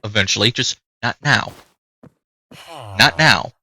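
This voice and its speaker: A chatty male gamer commenting casually on his play, with a bright, forceful voice. He talks to the animals on screen as he goes. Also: on the low side, takes it slowly, no echo. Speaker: gaming youtuber.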